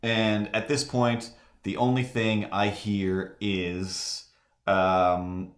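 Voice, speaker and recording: A man's voice: on the low side, little pitch movement, extremely slow, reverberant. A man telling a long anecdote during a live drawing stream, rambling with many "like"s and restarts and acting out the people in his story. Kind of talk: casual anecdote.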